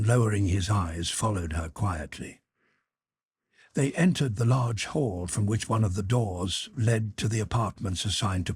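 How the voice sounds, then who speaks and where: A male audiobook narrator with a low, husky, breathy voice, reading in a measured, even way. The recording is dry and close with no room sound. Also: no room sound. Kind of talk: scripted narration.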